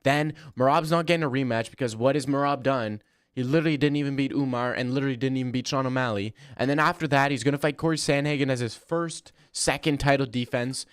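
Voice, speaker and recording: Young male streamer, casual and profane, mid pitch, dry voice. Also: quick pace, clean tone, no echo. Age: 20s. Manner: rambling, blunt, swears freely. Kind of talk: casual live-stream chat reading.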